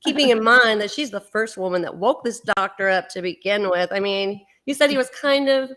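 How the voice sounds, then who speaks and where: A woman hosting a live-stream talk, chatty and excited, with many fillers. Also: mid-range voice, fairly quick. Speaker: host. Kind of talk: casual live-stream chat.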